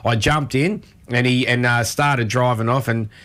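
Australian man, casual storyteller, rambling, many fillers, mid-pitched voice. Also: steady tone, unhurried, fairly bright tone.

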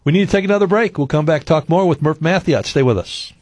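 A man's voice: fairly high pitch, animated, quick pace, a little mellow, faint music behind. A man hosting a talk show, prompting his guest and leading into the break. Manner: brief backchannel, prompts guest. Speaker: radio talk host. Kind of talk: casual interview.

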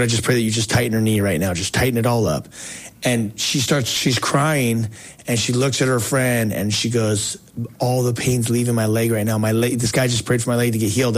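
A man hosting a faith talk show, telling a story in a casual, excited way with slang and frequent restarts. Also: mid-range voice. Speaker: talk show host and evangelist.

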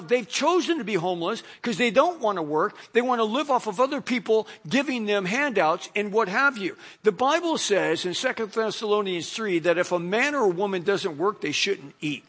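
A man's voice: high voice, lively intonation, normal speed, hardly any pauses, a bit bright. A middle-aged male pastor preaching a sermon in a casual, conversational way, full of "you know" asides.

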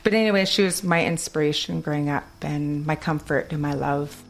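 A woman's voice: low voice, fairly quick, gravelly, faint music behind. A young woman with a Kwakwala-influenced English accent, chatting casually and laughing often as she tells stories. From Alert Bay, Canada. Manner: laughs often, animated storytelling. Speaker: guest. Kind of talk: casual chat.

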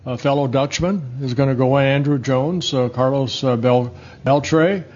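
A man in his sixties, a former pitcher and broadcaster, telling long rambling stories in a casual interview, full of restarts and chuckles. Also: fairly even intonation, normal speed, a little mellow, breathy edge. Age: 60s. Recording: slightly dull, muffled audio.

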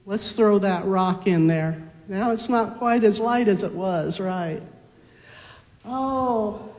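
A pastor reading scripture, then gently coaxing children with many tag questions during a children's sermon in a church. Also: mid-range voice, slow pace. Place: church sanctuary. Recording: long church reverb.

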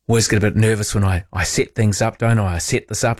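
A man's voice: fairly low pitch, flat delivery, moderate pace, a little mellow, dry recording, studio quality. A man hosting talkback radio, chatty and teasing, poking fun at himself. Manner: chatty, teasing, self-mocking. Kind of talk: casual talkback chat.

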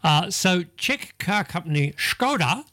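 Chatty radio host, lively pitch. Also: male voice. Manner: chatty, laughs often, sounds words out slowly. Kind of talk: casual radio banter.

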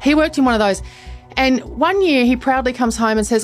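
A woman, chatting casually as a host and telling a story with lively quoted lines. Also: sits high, brisk, faint music behind. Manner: animated storytelling, acts out quotes. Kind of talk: casual chat.

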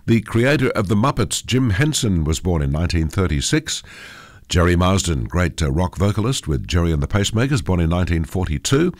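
An older man hosts a radio show, his voice stuffy and nasal from a head cold. He speaks low and deep, with a lively rise and fall in pitch. He talks in a chatty, relaxed way with plenty of "uh"s, close to a studio mic in a dry, dead room. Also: fairly quick, no echo. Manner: chatty, with frequent "uh" fillers. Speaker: radio host. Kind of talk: radio announcing.

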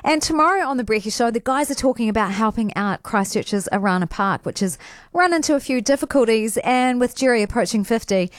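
A woman reading radio station promos in a brisk announcing manner. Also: on the high side, animated, no echo, studio quality.

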